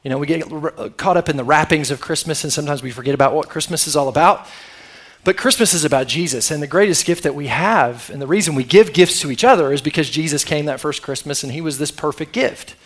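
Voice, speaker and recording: A middle-aged pastor talks fast in a slightly high voice as he preaches his sermon. He stays conversational, drawing answers back from the congregation.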